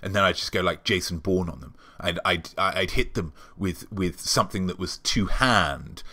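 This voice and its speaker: A man hosting his show, delivering a rambling, deadpan comic monologue full of ums. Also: low voice, normal speed. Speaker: show host.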